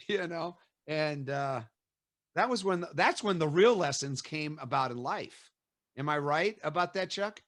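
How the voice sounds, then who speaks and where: A middle-aged man hosting an interview, telling stories in a lively way and acting out quotes with laughs. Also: a little high, slow pace, no echo, clean studio sound. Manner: animated storyteller, acts out quotes with laughs. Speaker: host. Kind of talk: casual storytelling interview.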